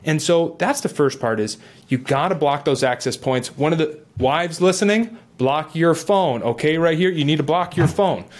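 A middle-aged man earnestly telling his own recovery story in a talk, animated and acting out his inner voice. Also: a little high, normal speed. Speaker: guest sharing recovery story. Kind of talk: earnest personal testimony.

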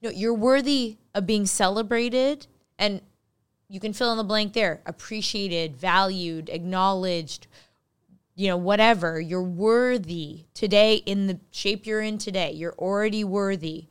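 A woman's voice: mid-range voice, measured pace, smooth. A woman guest on a podcast, talking as a life coach in an upbeat, emphatic way and laughing often. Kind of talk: motivational podcast talk.

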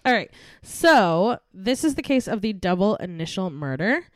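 A woman's voice: mid-range voice, big pitch swings, moderate pace, no room sound, clean studio sound. A young woman co-hosting a podcast, chatting with her friend and then reading through a murder case, laughing often. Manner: chatty, giggly, reads case notes. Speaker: true crime podcast co-host. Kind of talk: casual podcast chat and case narration.

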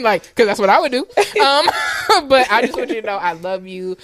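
A woman giving heartfelt thanks to a relative, chatty and laughing, dropping quiet when serious. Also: high-pitched, expressive, fairly quick, few pauses, a crowd in the background. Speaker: family member giving a thank-you speech. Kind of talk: heartfelt casual speech.

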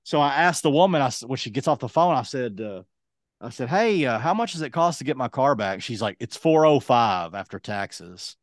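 A man's voice: medium pitch, fairly quick, no room sound. Man telling a story in a dry, close voice. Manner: lively anecdote-telling, acting out other people's lines. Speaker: podcast co-host. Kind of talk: casual storytelling.

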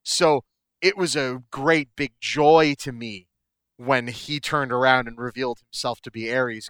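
A man with a bright, forward voice chats eagerly about films and keeps circling back with "you know". His tone is smooth and crisp, recorded dry and close with no room sound. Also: medium pitch, a little slow, no echo. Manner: enthusiastic, rambling with many fillers. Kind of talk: casual film discussion.

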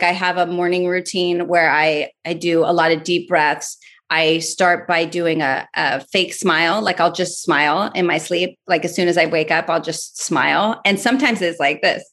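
Lively storytelling woman, low voice. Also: normal speed. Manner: animated storyteller, acts out her own thoughts. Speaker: podcast guest. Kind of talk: casual interview chat.

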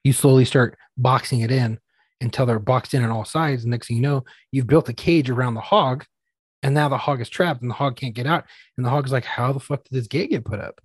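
A man with a husky, mid-pitched voice, recorded dry and close. He trades crude, joking anecdotes in a relaxed podcast chat. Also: brisk, no room sound. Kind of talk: casual chat.

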